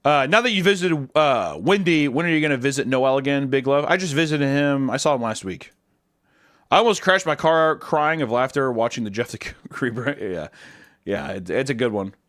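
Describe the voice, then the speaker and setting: A young man streamer answering chat questions in casual, crude, jokey talk, jumping from loud bursts to low mumbles. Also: expressive, normal speed, dry recording, clean studio sound.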